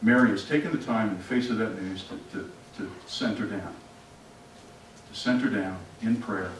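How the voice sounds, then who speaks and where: A man's voice: on the low side, moderate pace, slight background noise. A man preaching an interactive sermon, asking the congregation questions and acting out scenes. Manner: animated, asks the congregation questions and acts out scenes. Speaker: pastor. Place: church sanctuary. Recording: echoey church from a distant mic.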